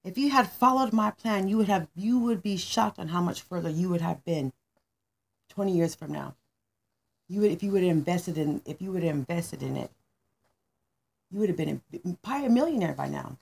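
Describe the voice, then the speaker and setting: A woman voicing a blunt, angry male money manager who scolds and lectures with raised, pitched-up intensity. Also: expressive, brisk, gravelly, a little mellow, husky, full character voice. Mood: lecturing.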